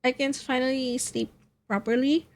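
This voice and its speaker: A woman's voice: high-pitched, steady tone, normal speed. A sleepy young woman from the Philippines, streaming and chatting casually, rambling, yawning, laughing often and swearing. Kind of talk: casual chat.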